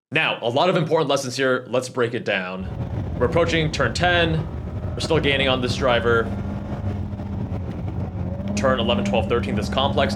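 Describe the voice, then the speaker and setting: A man narrating track-day footage, calmly breaking down his driving and drawing lessons step by step. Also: mid-range voice. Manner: calm, analytical, explains driving lessons step by step. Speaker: channel host and track driver. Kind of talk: track-day video commentary. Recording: car engine noise behind the voice.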